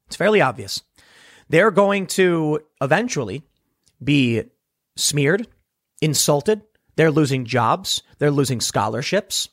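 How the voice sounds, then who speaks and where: A man's voice: a little high, no room sound, clean studio sound. A man delivering an opinionated monologue commentary, talking emphatically with restarts and rhetorical questions. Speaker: political commentator.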